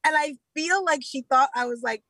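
A woman's voice: high voice, normal speed, a bit bright, no room sound, poor audio. A young woman from the United States chatting casually as a guest, bubbly and effusive. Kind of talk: casual chat.

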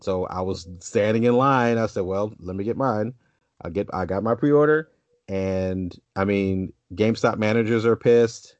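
A man's voice: fairly low pitch, moderate pace, a little mellow, dry recording. A man on a casual podcast, telling a long story with lots of restarts and asides. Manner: rambling storyteller with many restarts. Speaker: podcast co-host. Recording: dull lo-fi dry sound.

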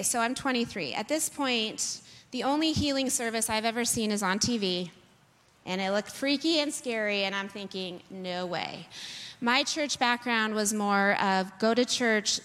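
Woman, personal testimony, animated self-deprecating storytelling, slightly high voice, long reverb. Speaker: speaker sharing a personal testimony.

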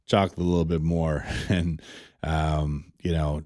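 A man's voice: very deep voice, little pitch movement, measured pace, darkish tone, dry recording, studio quality. A man co-hosting a radio show in casual chat, laid-back and rambling, swearing now and then.

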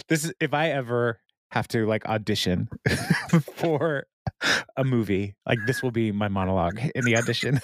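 A man's voice: medium pitch, slow pace, long pauses, no room sound, studio quality. A young adult man casually recapping a TV episode, laughing often and retelling scenes with quoted lines. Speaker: podcast co-host.

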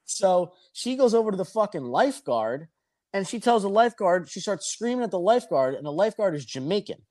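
A man spinning a long, crude story in casual banter. His voice sits a bit high. He swears as he goes and rambles through the details. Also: very animated, brisk, darkish tone. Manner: profane, rambling anecdotal delivery.

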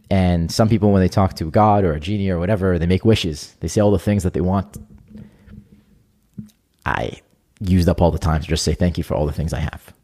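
A man's voice: deep voice, a little fast, mellow. A young adult man speaking as a podcast guest in an earnest, reflective way during casual conversation.

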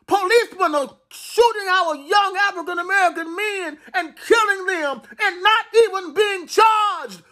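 A man preaching a sermon in an impassioned way, with slow, deliberate, repeated phrases that build to cries. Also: very high-pitched, pushed and bright.

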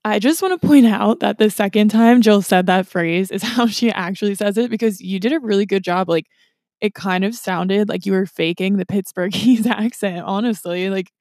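A young woman with a Philadelphia accent hosts a relaxed chat, laughing easily and nudging her co-host to tell stories. Her voice sits at a middle pitch, and the sound is dry and close with no room echo. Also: moderate pace. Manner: giggly, easygoing, prompts her co-host. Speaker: podcast host. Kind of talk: casual chat.

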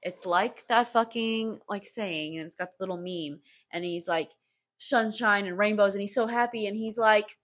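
A podcast host talks solo, rambling along with heavy use of "like" and frequent casual swearing. Her mid-range voice is a bit bright, and she speaks at normal speed.

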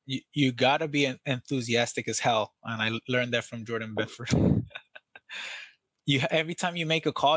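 An interview guest with a medium-pitched, fairly bright voice talks energetically and casually about training salespeople, acting out phone calls and swearing now and then. The audio is dry, with no room sound.

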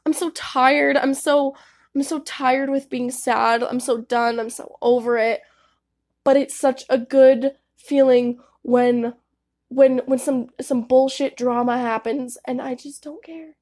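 A woman's voice: high voice, steady tone, takes it slowly, darkish tone. A young woman giving candid, casual advice to her viewers, swearing freely and saying "like" a lot. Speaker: vlogger.

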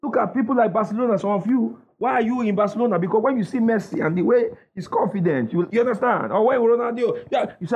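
A man's voice: high voice, fast, few pauses, a little mellow, a little hiss or hum. A man preaching a sermon with emphatic call-and-response, asking the congregation to finish his lines. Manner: emphatic call-and-response, asks the crowd "what?". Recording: dull lo-fi sound.

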